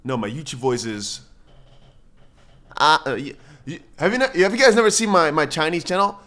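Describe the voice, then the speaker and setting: A man's voice: on the high side, lively intonation, moderate pace, a bit bright. A man hosting a crypto livestream, reading viewer comments aloud in casual chat and rambling with many restarts and playful asides.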